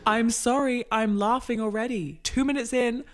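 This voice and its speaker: A video essayist giving mock-academic commentary in a wry, deadpan manner. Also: medium pitch, normal speed, slight background noise.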